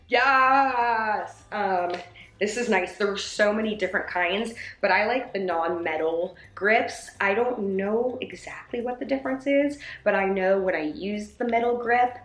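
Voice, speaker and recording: A woman's voice: medium pitch, reverberant. A woman chatting casually as a vlogger, unboxing a shopping haul and filling her talk with likes and ums. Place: room at home.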